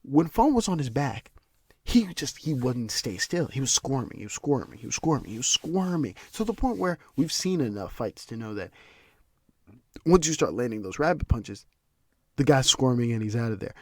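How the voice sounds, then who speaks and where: A man hosts his own commentary podcast and rants with heated profanity. His pitch swings widely as he repeats words and restarts sentences in frustration. The recording is dry, with no room sound around him. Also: big pitch swings, moderate pace, dry recording. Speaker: podcast host.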